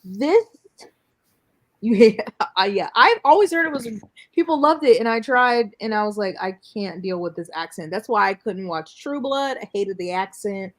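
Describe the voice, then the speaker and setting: A woman hosting a casual group chat about books and TV, animated and blunt, who swears freely. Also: mid-range voice, normal speed. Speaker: booktuber host.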